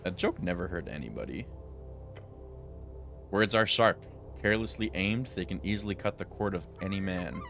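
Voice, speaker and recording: A man's voice: deep voice, normal speed, vocal fry, a bit bright, faint music behind. A man streaming a role-playing video game, reading the dialogue aloud in varied character voices and breaking in with dry remarks of his own.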